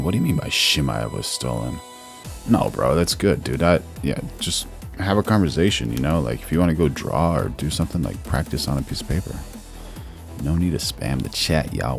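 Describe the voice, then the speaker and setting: A man's voice: very deep voice, gravelly. A man hosting a live stream, giving casual news commentary, reading chat aloud and calling everyone "bro". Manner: laid-back, calls everyone "bro", reads chat aloud.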